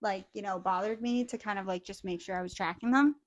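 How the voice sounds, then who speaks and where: A woman's voice: mid-range voice, quick pace, no room sound, dull audio. Chatty supportive woman, dry sound. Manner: supportive, chiming in, swears. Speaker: podcast co-host. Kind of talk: casual chat.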